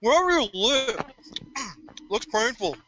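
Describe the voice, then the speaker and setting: A high, bright, chirpy male alien with tentacles, as a man puts him on, endlessly apologetic and awkwardly polite. His voice sits well above a normal speaking pitch and has a sharp edge. The recording is dull and lo-fi. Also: very animated, slow, a little hiss or hum, exaggerated voice. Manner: speaks of himself as "this one", apologetic.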